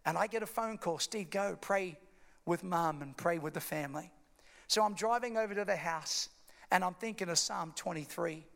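A male pastor preaching a sermon with passion, building up to shouts. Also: high voice, moderate pace, vocal fry. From Australia. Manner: impassioned preaching, rising to shouts. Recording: echoey hall reverb.

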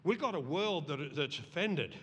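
Brief: middle-aged male pastor, high lively voice, reverberant church hall. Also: moderate pace, husky. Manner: animated, acts out voices in the story. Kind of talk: sermon. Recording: long reverb of a large hall.

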